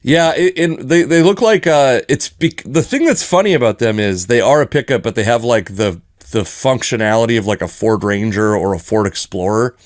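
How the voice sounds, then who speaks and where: Guy cohosting a sports podcast, rambly and jokey, mid pitch, dry close mic. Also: normal speed, hardly any pauses, no room sound. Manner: rambling, joking, frequent restarts and chuckles. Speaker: podcast co-host. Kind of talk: casual sports chat.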